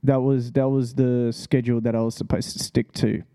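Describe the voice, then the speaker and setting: A man's voice: mid-range voice, little pitch movement, normal speed, dark tone, clear, resonant tone. A young man hosting a casual solo podcast, laid-back and profane, rambling with lots of fillers. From Australia. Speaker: podcast host.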